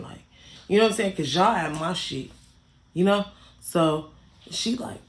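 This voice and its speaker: Young woman vlogger, gravelly voice, swearing freely through a casual storytime. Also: deep voice, normal speed. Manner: blunt, heavily profane, repeats herself for emphasis. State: irritated.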